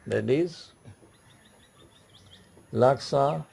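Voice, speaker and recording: A male teacher walks through French marks in that is not his tongue, sounding words out and repeating them. His voice sits at an ordinary middle pitch, and he explains in a patient classroom manner. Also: vocal fry, a little mellow, breathy edge. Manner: repeats words slowly, explaining in non-native English. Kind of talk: classroom lesson.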